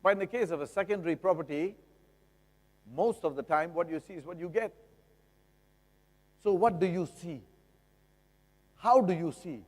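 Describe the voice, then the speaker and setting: A middle-aged man with a Singaporean English accent gives a lively, jokey seminar talk, often asking the audience rhetorical questions. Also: high-pitched, moderate pace, long pauses. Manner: jokey, acts out buyers and sellers. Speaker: lawyer giving a seminar talk. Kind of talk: seminar lecture. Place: seminar hall. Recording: long reverb of a seminar hall.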